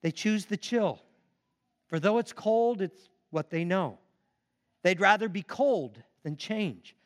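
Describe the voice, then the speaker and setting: Man doing a calm fire-bringing stranger, gentle and inviting, high, slow. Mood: gently urgent.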